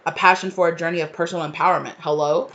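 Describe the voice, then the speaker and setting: A woman's voice: on the low side, steady tone, very fast, a bit bright, highs cut off. A woman giving a collective tarot reading in an effusive, rambling way, full of fillers and restarts and spiritual talk. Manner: emotional, spiritual. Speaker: tarot reader.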